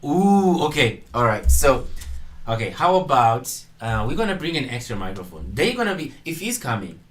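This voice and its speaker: A man's voice: medium pitch, big pitch swings, normal speed, low-quality recording. A man hosting a casual studio chat, teasing and laughing as he talks. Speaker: show host.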